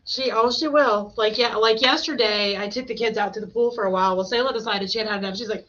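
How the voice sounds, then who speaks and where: A woman in her thirties hosting a podcast, chatting casually and telling animated stories with voiced quotes. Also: a little high, quick pace, few pauses. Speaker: podcast host. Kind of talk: casual chat. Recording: dull lo-fi sound.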